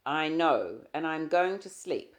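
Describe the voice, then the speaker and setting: A woman reading the lines of an irritable young husband in an audiobook, with loud, clipped, defensive retorts. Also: low voice, lively intonation, slow pace. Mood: curt. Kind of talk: audiobook character dialogue.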